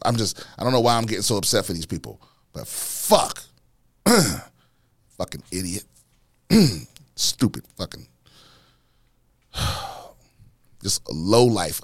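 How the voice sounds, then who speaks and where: A man hosting a casual podcast, ranting in a profane, animated way and repeating himself as he gets worked up. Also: lowish voice, moderate pace, dry recording, studio quality. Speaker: podcast host, comedian.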